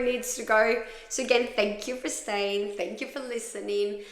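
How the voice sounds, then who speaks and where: A woman's voice: a little high, fairly even intonation, normal speed, roomy sound, a little hiss or hum. A woman hosting a podcast, telling her own story in a raw, profane, confessional way. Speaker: podcast host. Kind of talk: candid personal storytelling.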